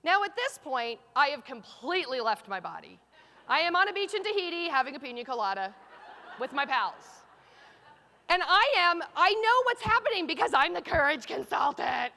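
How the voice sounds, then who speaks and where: A middle-aged woman speaks from a conference stage in a strikingly high, bright, forceful voice. She tells a story with lots of drama, acting out her own frantic self-talk. She jumps between loud exclamations and quiet, hushed asides. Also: big pitch swings, normal speed, creaky. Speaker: keynote speaker. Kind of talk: animated storytelling keynote.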